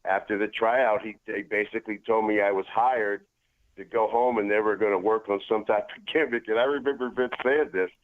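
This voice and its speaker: Laid-back middle-aged guest over a tinny phone line, easy storytelling. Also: male voice, fairly low pitch, a little fast. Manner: relaxed, laid-back, says "man" often. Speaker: guest, former wrestler. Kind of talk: casual storytelling.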